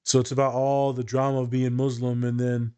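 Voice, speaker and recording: Animated man, therapist chatting casually. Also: medium pitch, fairly quick, clear, resonant tone. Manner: animated, storytelling, sarcastic asides. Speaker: therapist co-host. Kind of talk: casual podcast chat.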